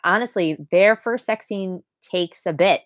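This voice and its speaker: Low-voiced woman retelling a story. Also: a little slow, dry recording. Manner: lively retelling of plot, acting out characters. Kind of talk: casual book discussion.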